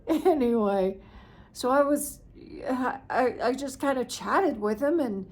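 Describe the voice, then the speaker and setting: A woman's voice: high-pitched, expressive, a little slow, a little mellow, breathy edge. A woman in her sixties tells a story in a casual vlog, chatty and self-mocking, laughing at her own misadventure. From United States. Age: 60s. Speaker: vlogger.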